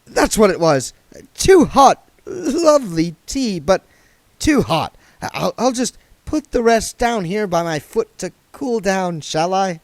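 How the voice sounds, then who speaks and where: A man voicing an earnest, polite young reporter who talks briskly. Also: high-pitched, big pitch swings, no room sound, voice pushed up, heavily acted.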